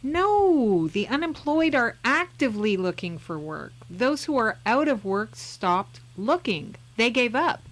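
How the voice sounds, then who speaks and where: A woman reading the part of a calm, know-it-all male straight man in a comedy sketch. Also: fairly high pitch, a little slow, hardly any pauses. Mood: patient. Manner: calm, matter-of-fact explaining.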